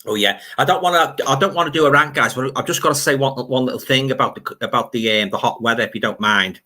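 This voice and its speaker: Bright-voiced Liverpool man chatting on livestream. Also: mid-range voice, fast talker, hardly any pauses. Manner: rambling, reads viewer comments aloud, grumbles. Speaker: livestream host. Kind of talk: casual livestream chat.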